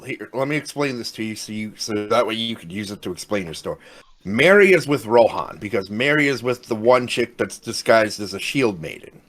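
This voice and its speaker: A man's voice: lowish voice, a little fast, few pauses. Rambling man retelling a movie. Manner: rambling animated retelling with swearing. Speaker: podcast co-host. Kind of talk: casual movie discussion.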